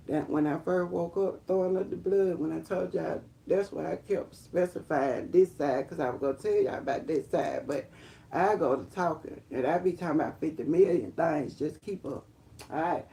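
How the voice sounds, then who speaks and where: A woman telling her life testimony on a live stream, rambling and emphatic, talking straight to viewers as y'all and breaking into high excited exclamations. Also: vocal fry. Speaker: livestream host sharing her testimony.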